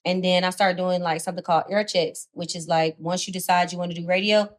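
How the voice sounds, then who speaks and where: A young woman, a radio personality and guest, telling her story in a casual, animated way with heavy slang and swearing. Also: fairly low pitch, fast talker. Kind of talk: casual chat.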